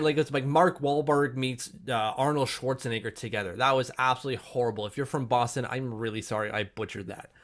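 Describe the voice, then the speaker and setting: A man's voice: mid-range voice, fairly bright tone. A man hosting a casual hockey commentary vlog from home, chatty and self-deprecating. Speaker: hockey YouTuber.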